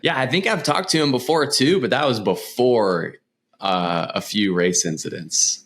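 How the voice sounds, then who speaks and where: A man's voice: medium pitch, measured pace, fairly bright tone. A man co-hosting a podcast in casual chat, rambling and self-deprecating. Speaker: podcast co-host.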